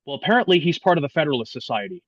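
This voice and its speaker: A man in his twenties, a podcast guest talking politics in a casual, profane, animated way with many restarts. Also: fairly high pitch, very fast, no echo, dull audio. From United States. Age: 20s.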